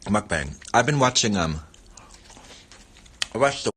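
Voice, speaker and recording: A man's voice: lowish voice, lively intonation, measured pace, fairly bright tone, slightly rough. A man hosting a casual livestream, chatting playfully while he eats and rambling between muttered catchphrases. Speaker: livestream host.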